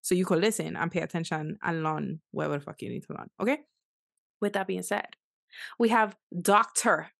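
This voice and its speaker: A woman's voice: on the low side, fairly quick, vocal fry, no echo, studio quality. A woman hosting a podcast, brash and joking with frequent swearing. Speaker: podcast host. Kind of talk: casual podcast chat.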